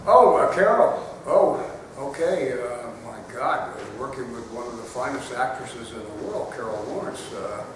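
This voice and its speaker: An older actor at a fan Q&A panel tells casual anecdotes to a live audience in a festival hall, laughing often. His medium-pitched voice is animated, at a moderate pace with few pauses, heard from a distance in an echoey hall with loud background noise.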